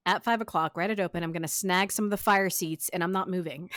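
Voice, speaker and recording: A woman co-hosting a podcast in casual chat, playful and quick to laugh. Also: fairly low pitch, fairly even intonation, fairly bright tone, dry recording, studio quality. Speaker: podcast co-host.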